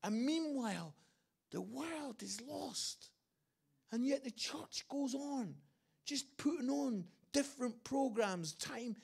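English male preacher, high gravelly voice, earnest storytelling sermon with repeated phrases. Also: expressive, takes it slowly, darkish tone. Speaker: guest preacher.

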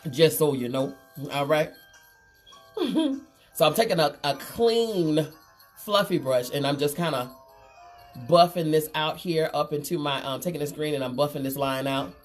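A woman, hosting a casual makeup livestream and chatting warmly with viewers. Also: deep voice, unhurried. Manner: chatty, reads viewer comments aloud, calls them girl and honey. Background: faint Christmas music.

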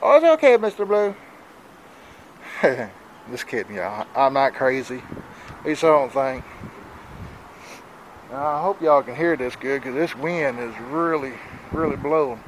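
This is a casual outdoor vlog in the wind, shot handheld, by a Southern U.S. man in his 40s who sounds breathless and congested. He talks in a worried, rambling, plain-spoken manner at a measured pace with long pauses, his medium-pitched voice over a little hiss or hum in poor audio.

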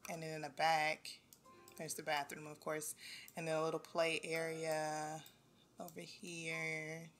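A young woman giving casual gameplay commentary, talking to the game characters and grumbling at them when they are too slow. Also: low voice. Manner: animated, talks to the game characters, exasperated asides. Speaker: gameplay video host. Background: faint background music.

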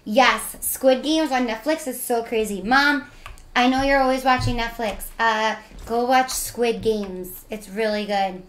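A woman's voice: fairly high pitch, measured pace, fairly bright tone, echoey room. A young woman streaming a game, chatting casually and playfully with her viewers as she reads their messages aloud.

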